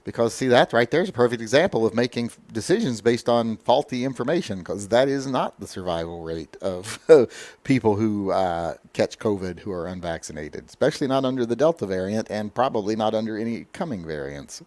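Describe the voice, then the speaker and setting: A man's voice: fairly low pitch, expressive, brisk, a little mellow, dry recording. Blunt opinionated man, dry sound. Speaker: livestream host. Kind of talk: casual livestream chat, reading viewer comments.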